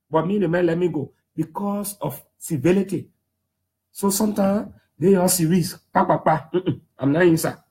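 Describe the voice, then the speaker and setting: Liberian English man, 30s, high voice, emphatic public storyteller who acts out quotes. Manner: lively, emphatic, slips into quoting others in put-on voices. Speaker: human rights defender speaking to the public. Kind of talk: animated storytelling talk.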